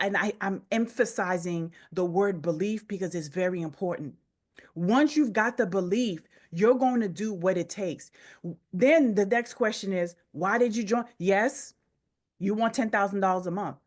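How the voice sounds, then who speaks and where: A woman business coach leading a motivational session, urging listeners with emphatic repetition. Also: mid-range voice.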